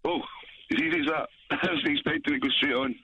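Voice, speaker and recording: A man's voice: fairly high pitch, big pitch swings, fast talker, creaky, pushed and bright, husky. A man with a Scottish accent calling a radio show at night, chatty and eager. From Scotland. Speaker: caller. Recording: phone line.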